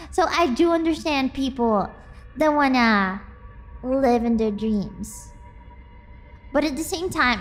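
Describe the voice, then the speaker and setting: A chatty woman streamer with a high voice talks casually with her viewers, getting excitable and breaking into squeals and laughter. Faint music plays in the background.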